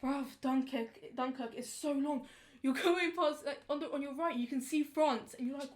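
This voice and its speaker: A young woman, casually telling a story on a podcast in slangy, animated talk. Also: sits high, normal speed, hardly any pauses. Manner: animated, slangy, acts out quotes. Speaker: podcast co-host.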